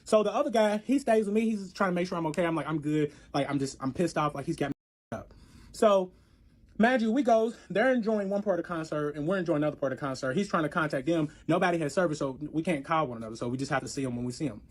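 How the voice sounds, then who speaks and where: A man telling a story in casual chat, animated and profane, acting out both sides of the arguments. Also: on the high side, fast.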